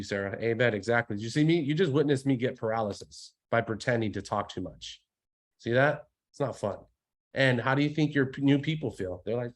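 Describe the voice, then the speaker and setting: A man leading a live online sales training with preacher-like hype, calling out for hallelujahs and breaking into sudden shouts. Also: fairly high pitch. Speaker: network marketing trainer.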